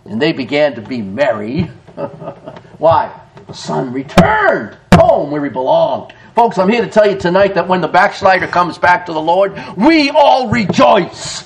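A man preaching a sermon in an animated way, often laughing and calling his listeners folks. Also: high voice, a little slow, slight background noise. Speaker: pastor.

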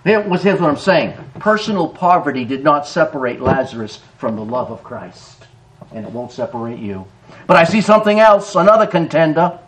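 A middle-aged man preaching a sermon in a church, animated, rising to shouts and breaking into laughter. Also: fairly high pitch, normal speed, poor audio.

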